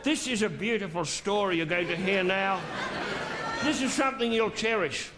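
A middle-aged man telling a crude, drawn-out stand-up story on a theatre stage, with theatrical pauses. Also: high voice, crowd noise, background noise. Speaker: stand-up comedian. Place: theatre stage before a laughing audience.

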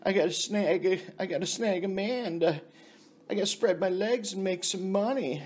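A man doing a whiny falsetto woman. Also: normal speed, darkish tone, husky.

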